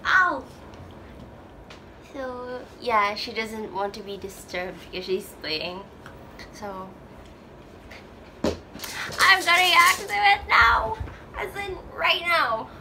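High, excitable woman reacting to a video. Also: slow pace, pauses often, a little hiss or hum, poor audio. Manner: excitable, gushing exclamations. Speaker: DJ and reaction vlogger. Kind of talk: casual music video reaction. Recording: music video playing loudly behind the voice. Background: music video playing.

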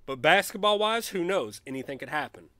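Man, game streamer, casual commentary, slightly high voice, dry close sound. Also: brisk, dry recording. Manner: excitable trash talk, shouting at big wins. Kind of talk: let's play commentary.

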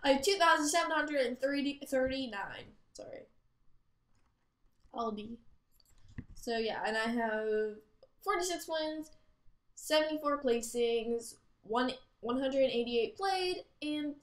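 A woman chatting and rambling through gameplay commentary, giggling and breaking into loud exclamations. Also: on the high side, expressive, a little slow. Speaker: gaming channel host. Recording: roomy echo.

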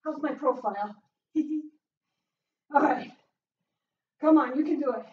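A woman leading a home workout as a fitness instructor, cheering with loud whoops and getting out of breath as she exercises. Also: sits high, slow pace. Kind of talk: live workout coaching. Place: small closed room at home. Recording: roomy, distant, dull sound.

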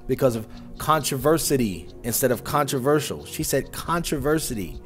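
A man gives reaction commentary in an emphatic, scolding way, full of sweeping judgments. His voice sits at a middle pitch, and faint music plays beneath him. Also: lively intonation, moderate pace. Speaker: reaction channel host.

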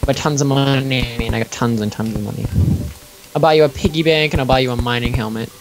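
A man's voice: mid-range voice, fast talker, music in the background, low-quality recording. A man chatting casually while playing a video game with friends, joking and bossing his teammates around. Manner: playful, bossy, joking. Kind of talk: casual let's play chat.

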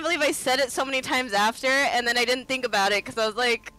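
A woman's voice: a little high, quick pace, pushed and bright, faint music behind. A woman streaming a game in casual chat, giggling often and swapping swears for silly stand-in words.

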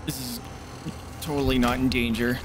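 A man's voice: medium pitch, flat delivery, moderate pace, over loud music. A man hosting a let's play, commenting on a horror game with sarcasm and frequent swearing. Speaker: gaming channel host.

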